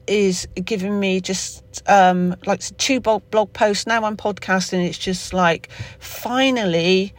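Speaking slowly and with few pauses, a podcast host with a Somerset accent rambles through an unscripted solo episode, full of fillers, restarts and self-corrections. The voice is medium in pitch and steady in tone, with no echo on the recording.

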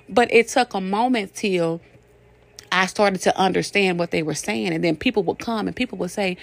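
A woman's voice: medium pitch, normal speed, vocal fry, fairly bright tone, dry recording. An older woman giving a casual inspirational talk, folksy, repetitive and emphatic, often laughing. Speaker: motivational speaker.

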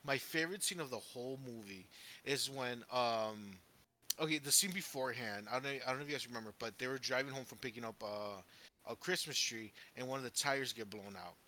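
A man co-hosting a casual podcast, telling a favorite film story in a rambling, excited way with lots of fillers and swearing. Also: medium pitch, fairly quick, slight background noise. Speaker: podcast co-host.

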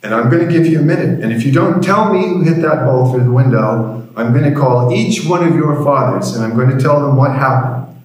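A man voicing a stern, intimidating male school official who speaks in a slow, threatening way, recorded in a very echoey room. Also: mid-range voice, lightly acted. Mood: menacing.

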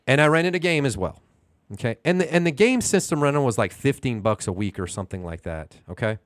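Animated man telling an indignant story. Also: mid-range voice, fairly quick, no room sound, studio quality. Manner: animated, indignant storyteller, asks rhetorical questions. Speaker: podcast co-host. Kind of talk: casual chat, storytelling.

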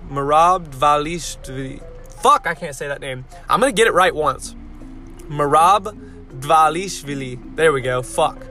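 A young man with a bright, forceful, slightly high voice rants bluntly and swears freely, rambling through fillers. He stops to sound out tricky names letter by letter, with faint music in the background. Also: lively intonation, brisk, hardly any pauses. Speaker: fight-sport vlogger. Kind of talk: casual profane rant.

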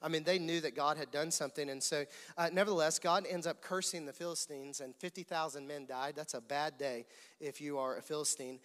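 High-voiced preacher in an echoing hall. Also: male voice, a little fast. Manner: animated storytelling, calls on the audience to repeat words. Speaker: pastor. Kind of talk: sermon. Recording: reverberant hall.

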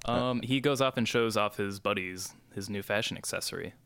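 Low-ish guy dm'ing a tabletop game, laid back, keeps chuckling. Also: normal speed, vocal fry, fairly bright tone, clear, resonant tone. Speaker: dungeon master.

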